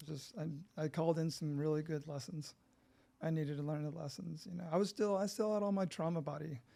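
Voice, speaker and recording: Middle-aged male guest from California, gravelly, slightly high, blunt and frank. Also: fairly even intonation, a little fast, mellow. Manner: blunt, plain-spoken, frank about his past. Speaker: podcast guest, breathwork facilitator. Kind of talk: candid storytelling conversation.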